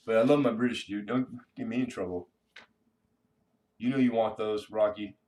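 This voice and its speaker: A man's voice: on the low side, steady tone, normal speed, a little mellow, far from the mic. A man hosting a casual coin-collecting live stream, chatting with viewers in a laid-back, slangy way.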